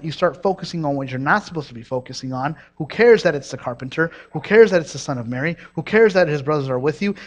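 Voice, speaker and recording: A young man from Mexico preaching a sermon, energetic and storytelling, with restarts and asides to the congregation. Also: fairly high pitch.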